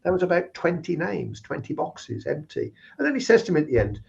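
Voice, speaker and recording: A man's voice: a little high, big pitch swings, fairly quick, gravelly, a little mellow. A man telling work anecdotes in casual chat and acting out the people he quotes. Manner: anecdotal, acts out quoted voices. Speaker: guest speaker on recruitment. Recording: slightly dull lo-fi sound.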